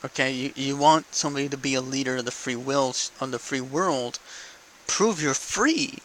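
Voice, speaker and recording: A man's voice: mid-range voice, level tone, a little fast, fairly bright tone, low-quality recording. A young man in a casual, profane political rant to camera, asking "okay?" between points. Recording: faint background noise.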